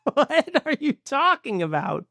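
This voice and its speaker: Goofy, gravelly male podcast host. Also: very high voice, sing-song, takes it slowly, sharp tone, dry recording, studio quality. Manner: goofy, riffing, scatting nonsense. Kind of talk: casual chat.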